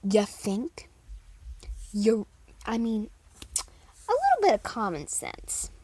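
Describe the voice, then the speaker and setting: A woman's voice: fairly high pitch, measured pace, slightly rough. A teenage girl vlogging in casual chat, rambling and giggling as she tells stories. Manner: giggly, rambling, animated storytelling.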